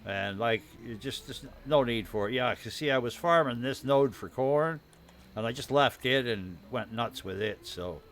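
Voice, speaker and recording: A man's voice: medium pitch, moderate pace, a bit bright, slight background noise. A man streaming a game live, rambling casually about his farm build, his throat dry and irritated. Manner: rambling, chatty, greets viewers while showing his build.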